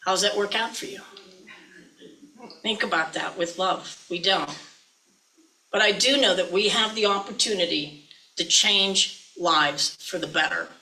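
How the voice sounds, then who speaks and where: Bright-voiced lady minister, folksy chatty sermon, likes to tease. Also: mid-range voice, measured pace, long pauses, poor audio.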